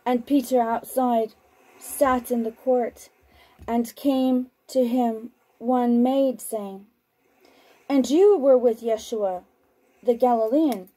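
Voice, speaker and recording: A woman reads scripture at a very slow, deliberate pace. Her voice is mellow and slightly high. She sounds like she is hosting a broadcast from home. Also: poor audio. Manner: slow, deliberate reading; chatty and laughing on the phone. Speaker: host reading scripture.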